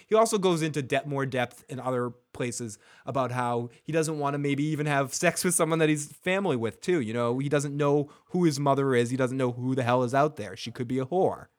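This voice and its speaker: A man's voice: medium pitch, a little fast, few pauses. A man hosting a podcast who recaps a TV episode in casual chat, acting out scenes and swearing freely. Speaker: podcast host.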